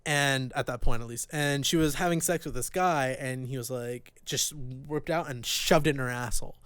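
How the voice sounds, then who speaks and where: A young man co-hosting a crude podcast chat, rambling and swearing, with sudden loud outbursts and trailing mumbles. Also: mid-range voice, normal speed, smooth, no room sound. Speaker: podcast co-host. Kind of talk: crude casual podcast banter.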